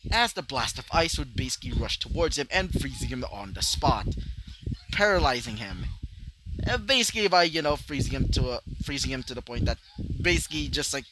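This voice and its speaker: A man improvising a story in a rambling way, full of fillers. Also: mid-range voice. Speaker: fan fiction narrator. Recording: loud background noise.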